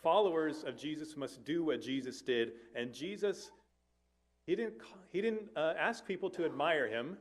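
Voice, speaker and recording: A man's voice: a little high, normal speed. A man, a family life minister, preaching an earnest sermon to a church, with conversational asides and occasional self-corrections.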